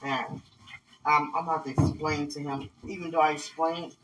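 A low-pitched female podcast host speaks at a moderate pace with fairly even intonation, over background music in a rough recording. She delivers a rambling, emotional monologue to an absent listener, often breaking into laughter.

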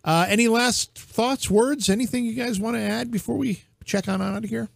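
A man's voice: very high-pitched, moderate pace, vocal fry, dry recording, studio quality. A man hosting a podcast, chatting in an easygoing, casual way. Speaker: podcast host.

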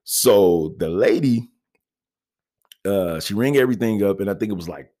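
A man's voice: lowish voice, animated, normal speed, mellow. Laid-back man telling a story. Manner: laid-back slangy, constant "you know what I mean"; laughs often while telling. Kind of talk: casual storytelling anecdote.

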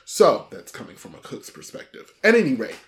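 Woman, brash and profane, casual co-host chat, swooping expressive pitch. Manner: brash, profane, drawn-out emphatic delivery. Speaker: podcast co-host.

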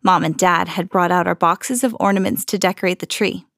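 A woman reading a children's storybook aloud in an expressive, storytelling manner. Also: fairly low pitch, a little fast, gravelly, no echo, studio quality. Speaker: podcast host reading to children.

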